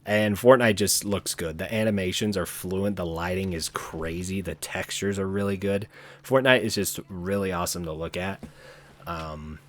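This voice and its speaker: A man hosting his own channel, talking alone in a rambling, casual way, often correcting himself and trailing off quietly. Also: deep voice, moderate pace. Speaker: channel host. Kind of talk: casual solo chat.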